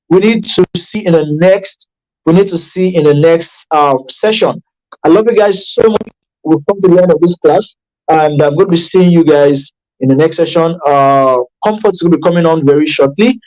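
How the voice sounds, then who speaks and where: Emphatic man teaching an online class. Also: rough recording. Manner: emphatic and repetitive, with sharp pitch jumps for stress; conversational, with frequent restarts and check-ins. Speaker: addiction recovery coach.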